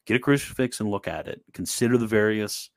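A man's voice: lowish voice, brisk, dry recording. A man teaching from a theology text in informal spoken commentary, earnest and exhorting, with many fillers and restarts. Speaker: host and teacher.

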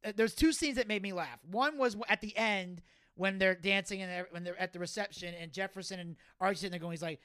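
A man in his thirties tells stories as a podcast guest, lively and loose, swearing now and then and acting out the lines he quotes. The sound is dry and close. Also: high-pitched, fast talker, smooth, dry recording. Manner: animated storyteller who swears and acts out quotes. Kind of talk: casual podcast chat.

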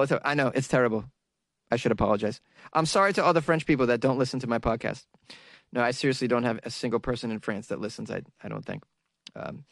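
A man's voice: medium pitch, fairly quick, vocal fry, pauses often, dry recording, clean studio sound. A man hosting a podcast, riffing sarcastically on odd news stories and laughing at his own jokes. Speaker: podcast host. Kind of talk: comedic news commentary podcast.

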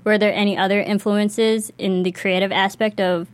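A woman's voice: medium pitch, flat delivery, normal speed, no echo. A woman interviewer with a mid-range voice puts her questions eagerly. She sounds like a fan of the work she is asking about. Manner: enthusiastic, fan-like.

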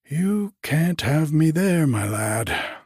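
A man's voice: medium pitch, expressive, slow, darkish tone, slightly rough, no room sound, studio quality, heavily acted. A man voicing a cheeky, chatty hotel porter who jokes and confides cheerfully, as a character voice in an audiobook. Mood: cheery.

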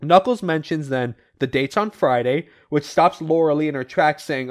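A man co-hosting a podcast, casually retelling comic book issues with animated voiced quotes and the odd swear. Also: a little high, normal speed, hardly any pauses. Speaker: podcast co-host recapping comics. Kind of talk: casual comic recap chat.

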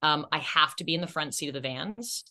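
A woman's voice: low-pitched, expressive, fairly quick, sharp tone. A woman actress as a podcast guest, telling candid, self-deprecating stories in casual chat.

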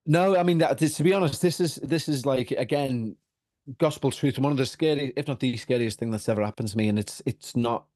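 A man with a Liverpool accent, a podcast guest telling a story in casual chat, animated and full of restarts and repeats. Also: medium pitch, a little fast, no echo, clean studio sound.

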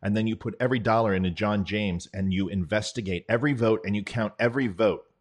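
A middle-aged man talking straight to the listener in an earnest, conversational political monologue. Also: lowish voice. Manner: earnest, conversational, with quick impressions. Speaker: political commentator. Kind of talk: direct-address monologue.

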